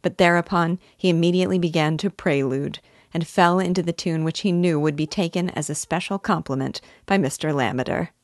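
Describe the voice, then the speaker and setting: A woman teacher reads a classic novel aloud, measured and expressive. Her voice is low-pitched, and the recording is dry and close with no room sound. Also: no echo. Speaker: literature teacher.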